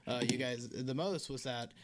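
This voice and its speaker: A man's voice: mid-range voice, normal speed. A young man from the American South with a Southern accent, hosting a casual podcast interview and rambling with many restarts and fillers. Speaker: podcast host.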